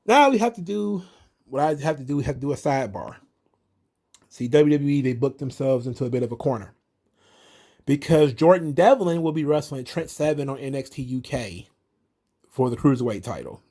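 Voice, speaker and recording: A man's voice: mid-range voice, animated, normal speed, warm tone. A man giving a casual, sarcastic recap of a wrestling show, swearing often and speaking bluntly. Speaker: wrestling commentary host.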